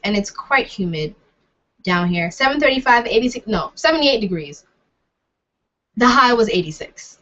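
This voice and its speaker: A woman's voice: fairly high pitch, fairly bright tone. A young woman answering viewer comments in a casual, rambling, self-deprecating chat. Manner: chatty and rambling, self-deprecating, laughs often. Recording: dull lo-fi sound.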